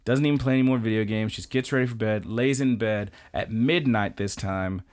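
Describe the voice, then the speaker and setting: A young man co-hosting a podcast, recapping an anime in an animated, rambling and profane way. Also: fairly low pitch, fairly quick. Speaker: podcast co-host. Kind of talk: casual anime recap chat.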